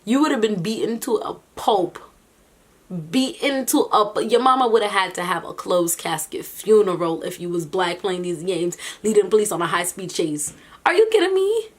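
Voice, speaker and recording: A woman vlogger giving casual reaction commentary, animated and incredulous, often breaking into laughter between remarks. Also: medium pitch, moderate pace.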